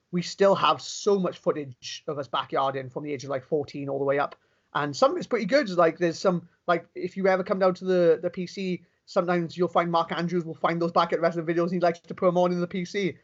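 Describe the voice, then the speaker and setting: A man's voice: a little high, fairly even intonation. A young Welsh man being interviewed, telling stories eagerly and restarting his sentences often. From Wales. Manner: fast, enthusiastic storytelling with many restarts. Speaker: interview guest, pro wrestler. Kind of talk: casual interview chat. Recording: dull lo-fi recording.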